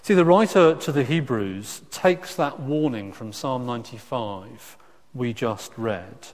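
A man preaching a sermon in a conversational way, with frequent restarts and lively asides. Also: medium pitch, measured pace. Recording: echoey hall reverb.

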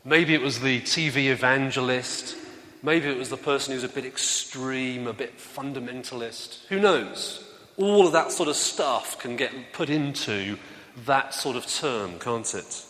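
With a mid-range voice, a sharp tone and a measured pace, a man delivers a conversational sermon. He tells stories and interacts with the audience by asking questions, all heard through long hall reverb.

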